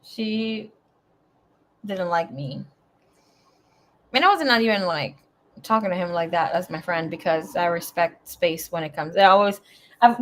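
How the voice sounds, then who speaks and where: Young woman doing a tarot reading at home, talks loose and sweary, goes loud then drops to a mumble. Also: medium pitch. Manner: chatty, swearing, rambling asides; swings between loud bursts and quiet mumbling. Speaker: tarot reader. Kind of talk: casual live tarot reading.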